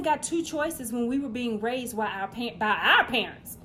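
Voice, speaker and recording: A woman delivering a profane comedic rant, loud and blunt, swinging between shouting and muttering asides. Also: on the high side, lively intonation, moderate pace, few pauses.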